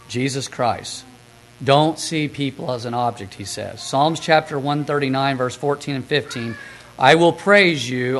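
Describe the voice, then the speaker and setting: A man giving a sermon, reading scripture passages and then recounting a story in a quieter, quicker way. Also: medium pitch, rough recording. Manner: reads scripture aloud, then retells stories in a soft, quick aside. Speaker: preacher recapping a sermon.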